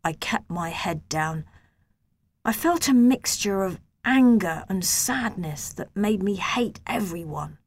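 A woman reading a children's novel aloud in a gentle, measured first-person storytelling voice. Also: mid-range voice, expressive. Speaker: audiobook narrator.

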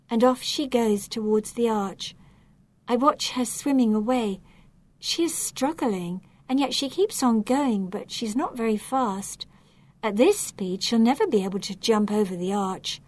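Slow, measured woman reading a story. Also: medium pitch, animated, a little mellow, no room sound. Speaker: narrator.

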